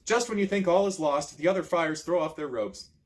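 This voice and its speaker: Lively man reading an adventure book. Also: a little high, fairly quick. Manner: lively storytelling with asides. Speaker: reader of a choose-your-own-adventure book. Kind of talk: expressive read-aloud narration.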